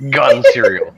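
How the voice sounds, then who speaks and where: A man in casual chat, cracking jokes over a video call. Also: lo-fi sound. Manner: joking, wisecracking.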